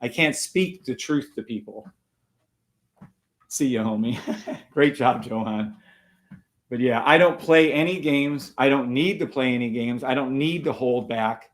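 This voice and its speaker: A man's voice: mid-range voice, measured pace, pauses often. A man hosting a live trading stream, taunting and swearing at viewers in a combative way.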